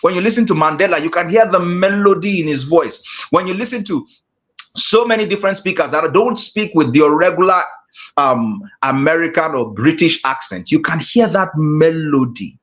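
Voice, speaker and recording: A man's voice: a little high, expressive, moderate pace, a bit bright. A man, a guest mentor giving a motivational class talk with emphatic, repeated phrases. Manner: emphatic, preacher-like repetition. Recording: dull lo-fi call audio.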